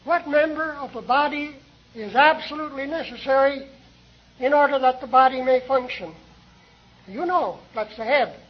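A man preaching a sermon in a deliberate, measured way, pausing often between phrases. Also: very high-pitched, lo-fi sound. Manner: slow, deliberate, with many pauses.

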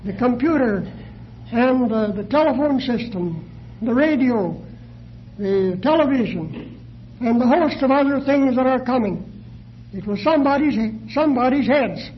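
A man preaching a sermon, measured and deliberate, posing questions to his listeners. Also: very high voice, lo-fi sound, a little hiss or hum.

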